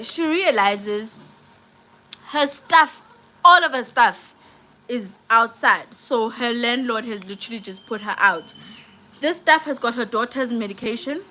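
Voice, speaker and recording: A woman chatting on a live stream, retelling a film's plot with animated slang-filled storytelling. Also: fairly high pitch, slight background noise, poor audio. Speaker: vlogger doing a live movie review.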